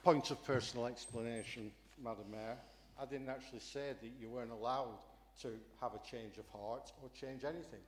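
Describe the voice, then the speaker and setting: A man's voice: mid-range voice, steady tone, brisk, hardly any pauses, a little hiss or hum. A man, an opposition councillor making a pointed, insistent council debate speech with frequent fillers. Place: large council chamber. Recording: echoey chamber with long reverb.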